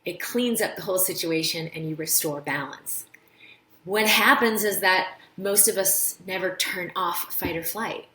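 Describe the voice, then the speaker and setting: Speaking at a measured pace in a fairly low voice, a woman doctor hosts a relaxed live stream in a roomy space. She walks through health topics and animatedly tells stories, voicing the characters she quotes.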